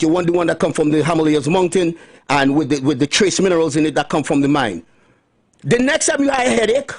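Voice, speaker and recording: A middle-aged man with a lilt holds forth on the radio, his voice high and husky. He swings widely up and down as he preaches, hammering points home by saying them twice and dropping folksy asides. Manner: emphatic, repeats lines for stress, folksy asides. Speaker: radio talk host. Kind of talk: preachy radio monologue on health.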